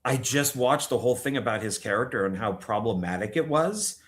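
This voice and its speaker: A man co-hosting a casual podcast, jokey and quick to slip into impressions. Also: expressive. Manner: jokey, does quick high-pitched impressions. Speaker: podcast co-host. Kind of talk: casual chat.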